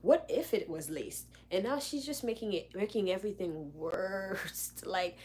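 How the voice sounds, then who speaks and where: A young woman telling a story in a casual, animated way, acting out what people said. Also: mid-range voice, measured pace, hardly any pauses. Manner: animated, dramatic retelling with lots of "like". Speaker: vlogger.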